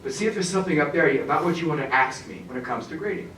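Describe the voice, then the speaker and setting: Speaking rapid-fire, a man with a somewhat high voice gives a professional development workshop for teachers in a conference room full of people. He's animated and humorous, addressing the audience directly. He sounds a bit distant from the mic, with strong room echo and a faint hiss underneath.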